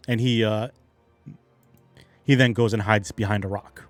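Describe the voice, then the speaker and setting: A man narrating a tabletop game as game master, animated and quick to laugh. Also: medium pitch, no echo, faint music behind.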